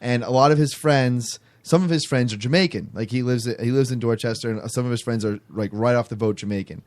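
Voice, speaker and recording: A man at an ordinary middle pitch spins a long story in a relaxed podcast chat. He rambles, backs up and restarts often, with plenty of fillers. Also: a little fast. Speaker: podcast guest telling a story.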